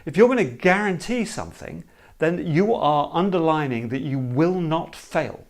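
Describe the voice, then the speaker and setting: A man explaining a creative problem-solving method in an emphatic, animated teaching talk. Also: fairly high pitch, normal speed. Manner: emphatic, animated, acts out hesitant problem owners.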